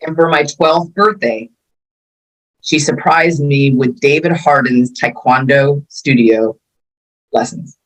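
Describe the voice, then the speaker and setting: A woman's voice: sits low, slow, low-quality recording. A woman in her fifties from California, a martial arts instructor telling her life story in a casual interview, acting out the quotes as she goes. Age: 50s.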